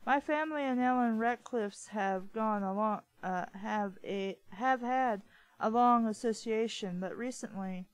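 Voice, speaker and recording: A woman reading the lines of a charming, smooth-talking upper-class English gentleman from a novel, in a polite, persuasive manner. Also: a little high, unhurried, dry recording, natural voice, poor audio.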